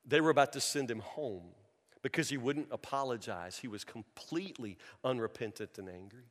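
Male pastor, mid-pitched voice, earnest pleading sermon, long hall reverb. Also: expressive, normal speed. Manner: earnest, pleading, repeats words. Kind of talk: sermon with storytelling.

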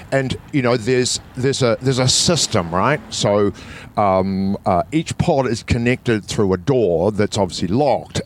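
A man with a New Zealand accent telling a personal story in a relaxed, rambling way, often restarting his sentences. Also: mid-range voice, a little hiss or hum. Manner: rambling, many restarts, laughs through lines. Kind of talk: casual storytelling.

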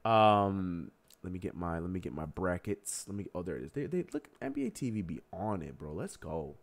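Brief: young male stream host, lower voice, heated casual sports rant with laughs. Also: big pitch swings, normal speed. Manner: heated, ranting, laughing at himself. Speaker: livestream host. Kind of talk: casual sports talk livestream.

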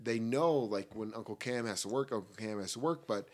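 A man's voice: on the low side, brisk. A man guesting on a casual podcast, talking easily and cracking jokes. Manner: easygoing and joking, quips about plugs.

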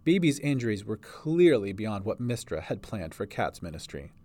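A man's voice: lowish voice, sing-song, normal speed, mellow. A man narrating a storybook reading as its writer and producer.

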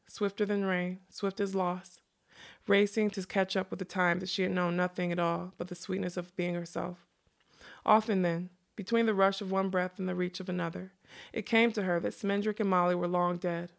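A woman reading a fantasy novel aloud in an unhurried way, dropping in quick casual asides. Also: medium pitch, creaky. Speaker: reader.

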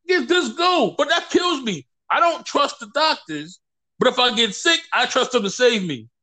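A podcast guest with a very high-pitched voice speaks at normal speed. In casual conversation, he animatedly tells stories and acts out what people said.

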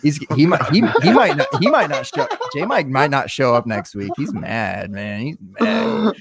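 A man's voice: mid-range voice, expressive, moderate pace, crowd noise. A man hosting a sports podcast in casual chat, rambling and joking with many restarts. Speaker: podcast host.

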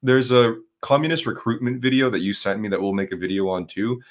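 A man co-hosting a casual reaction show, incredulous and animated, swearing freely. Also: mid-range voice, fairly quick. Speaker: co-host.

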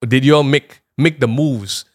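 A man's voice: mid-range voice, normal speed, a little mellow. Joking young man hosting a chat. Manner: joking, teasing, asks questions. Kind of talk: casual chat.

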